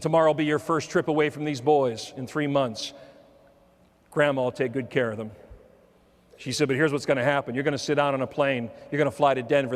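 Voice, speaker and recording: A man giving a motivational keynote talk, telling a personal story with humor and dropping softer for quoted lines. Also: mid-range voice. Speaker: motivational speaker. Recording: long hall reverb.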